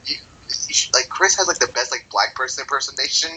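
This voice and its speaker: A man's voice: mid-range voice, fast, pushed and bright, husky, poor audio. A man co-hosting a podcast in casual chat, telling a rambling, profane story full of "like". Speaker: podcast co-host.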